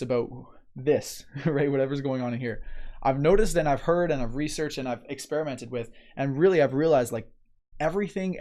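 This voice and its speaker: Chatty, easygoing motivational host. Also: male voice, medium pitch. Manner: relaxed, chatty, frequent "right?" and light laughs. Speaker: host of a motivational live show. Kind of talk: casual live-stream talk, reading viewer comments.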